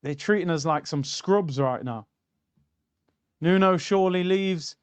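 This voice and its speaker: A young man hosts a football watchalong, chatting and joking with his viewers. His voice sits a little high and sounds smooth and clear. The sound is dry and close to the mic. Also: unhurried, dry recording, muffled recording. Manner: banter, reacting and reading out chat. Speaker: streamer hosting a football watchalong. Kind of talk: casual live-stream chat.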